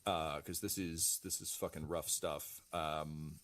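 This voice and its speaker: A man narrating as game master of a tabletop game, halting often with ums and uhs and casually swearing. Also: extremely low pitch, fairly even intonation, fairly bright tone.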